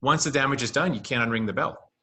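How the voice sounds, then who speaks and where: A man with a bright, forceful tone and a middle-range pitch, talking over a video call. He states his views firmly and plainly, in a matter-of-fact way. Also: fast. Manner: firm, matter-of-fact, opinionated. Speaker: podcast co-host. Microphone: video call mic.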